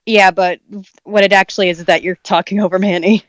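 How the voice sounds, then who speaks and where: A woman reads a comic aloud with friends and answers with quick, dry comebacks. Her voice sits at an ordinary pitch. The recording is close and dry. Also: steady tone, dry recording, rough recording. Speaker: co-reader of a comic. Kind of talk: joking group read-along.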